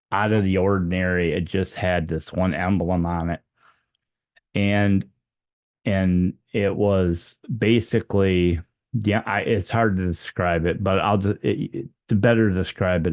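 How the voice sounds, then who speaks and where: A man's voice: dry recording, muffled recording. A man telling a personal story off the cuff, rambling with many fillers and restarts and acting out the quoted dialogue. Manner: acts out the dialogue with raised pitch for quoted lines. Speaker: storyteller recounting a near-death experience.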